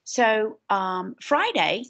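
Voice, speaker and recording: A woman's voice: mid-range voice, big pitch swings, extremely slow, gravelly, fairly bright tone. Southern woman co-host, school announcements, rambling easy chat. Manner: chatty, rambling, self-deprecating.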